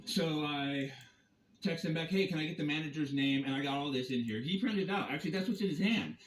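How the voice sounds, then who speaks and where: A man's voice: a little high, a little fast, echoey room, low-quality recording. A man in a heated, rambling rant, filming on his phone from inside a vehicle. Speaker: campground guest confronting staff and police. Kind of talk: agitated first-person rant. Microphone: phone camera.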